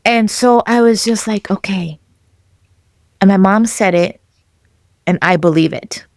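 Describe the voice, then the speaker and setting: A young woman tells her own story on a podcast with lively, animated delivery. She often slips into the voices of the people she quotes and laughs along the way. Her mid-range voice is recorded close and dry, with no room sound. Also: mid-range voice, measured pace, dry recording. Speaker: podcast guest. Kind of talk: personal storytelling.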